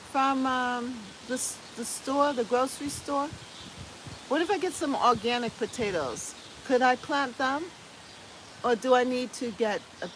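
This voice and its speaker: A woman's voice: sits high, fairly bright tone, a little hiss or hum. A woman from the US hosting a casual gardening live stream, reading viewer comments aloud and chatting back with easy laughs. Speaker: host reading live chat.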